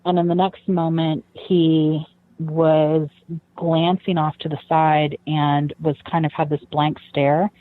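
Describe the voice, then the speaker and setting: A woman's voice: low voice, little pitch movement, slow. A woman guest, recounting a personal story in an interview, earnest and reflective, with frequent "you know" fillers. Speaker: guest, daughter of a convicted killer. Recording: tinny phone-like line.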